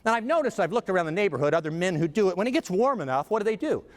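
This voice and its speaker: Animated man telling stories on stage. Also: high-pitched, rapid-fire. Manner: animated, comic asides. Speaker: motivational speaker. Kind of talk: humorous keynote storytelling. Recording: reverberant hall.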